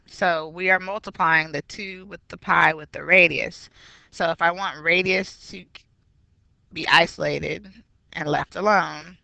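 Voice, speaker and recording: A woman math teacher with a lowish, gravelly voice, pushed and bright, patiently explains a recorded geometry review lesson step by step. There is no echo.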